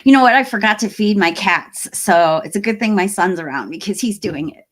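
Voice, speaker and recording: This middle-aged woman hosts a horror live stream, her mid-range voice expressive and fairly quick. She reads viewer comments in a casual, chatty way, laughing plenty and letting her sentences fade out.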